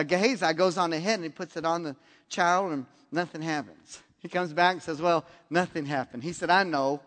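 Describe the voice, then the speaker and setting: Male preacher, high voice, animated storyteller, reverberant church hall. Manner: animated, acts out dialogue in the story. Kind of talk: storytelling sermon. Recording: long reverb of a large hall.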